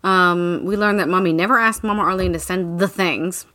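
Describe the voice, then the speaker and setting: A woman's voice: lowish voice, steady tone, normal speed, pushed and bright. A woman co-hosting a podcast, recapping a book's plot in a blunt, profane, breezy way. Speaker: podcast co-host. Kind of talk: casual chat recapping a book.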